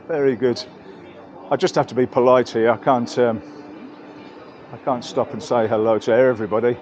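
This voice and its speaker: A man's voice: mid-range voice, steady tone, moderate pace, darkish tone, dull audio, a little hiss or hum. An English man giving a chatty, rambling walking-tour commentary outdoors in busy market streets, correcting himself as he goes. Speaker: travel vlogger.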